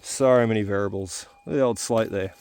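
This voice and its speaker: A man's voice: on the low side, fairly quick, darkish tone, slight background noise. A man, hosting his own metal detecting videos outdoors in the bush and chatting straight to his viewers. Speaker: metal detecting channel host. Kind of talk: outdoor narration while detecting.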